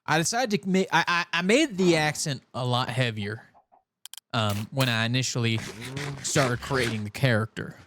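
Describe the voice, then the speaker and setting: A young man from California streaming a game, chatting in a rambling way and talking with a soft put-on Southern cowboy drawl. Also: medium pitch, moderate pace, slight background noise. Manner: rambling, chatty, self-interrupting. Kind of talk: casual live-stream chat while gaming.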